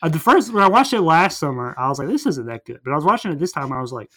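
Young man, slightly high voice, rambling animated plot recap, casual chat. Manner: rambling, animated retelling with quick voiced asides.

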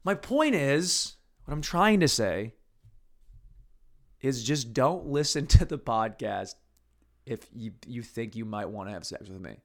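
A man's voice: medium pitch, animated, measured pace. A man hosting a podcast alone, rambling crudely in a casual monologue with mumbles and restarts, on a podcast mic. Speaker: podcast host. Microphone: podcast microphone.

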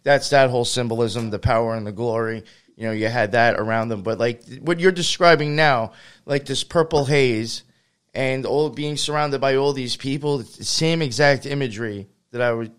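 A man's voice: medium pitch, moderate pace, clean tone. A man hosting a casual podcast chat, talking loosely, swearing and often restarting his sentences. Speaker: podcast host.

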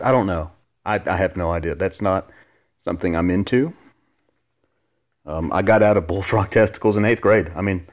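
A man hosting a casual podcast from his living room, joking and rambling as he answers listener questions. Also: sits low. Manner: joking, rambling, self-deprecating. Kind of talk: casual chat.

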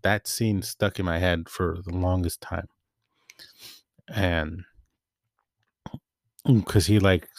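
Deep-voiced man rambling about movies. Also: no room sound, studio quality. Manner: rambling, self-correcting, relaxed. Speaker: movie vlogger. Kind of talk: casual movie recap.

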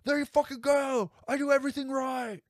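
A man putting on a shouted impression of a manic male movie star, loud and strained. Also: very high voice, fairly even intonation, a little fast, no echo, clean studio sound, voice pushed up. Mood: manic yelling. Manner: yelling, strained and over the top.

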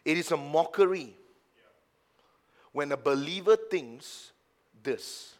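Preaching pastor, high-voiced man. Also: lively intonation, measured pace. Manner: swings from hushed, low asides to loud, emphatic preaching; acts out the lines of doubters in a mocking tone. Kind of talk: sermon. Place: church service.

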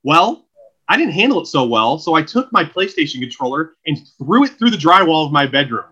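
A man from Oregon co-hosting a comedy podcast, teasing his partner and spinning stories. His voice is fairly high and bright. The recording sounds dull and lo-fi. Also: very animated, fairly quick, husky. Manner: joking, storytelling, teasing. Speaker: podcast co-host. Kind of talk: casual comedic chat.

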